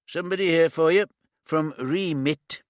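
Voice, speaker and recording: A man voicing a tall, amused police sergeant with a teasing, loud manner. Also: mid-range voice, normal speed, no room sound, studio quality, pitched above the performer's own voice, natural voice.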